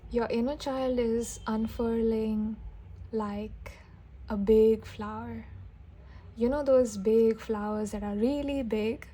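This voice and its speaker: A woman tarot reader doing an intuitive reading for viewers, talking gently and with enthusiasm, often restarting and breaking into soft exclamations. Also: on the high side, fairly even intonation, slow, husky.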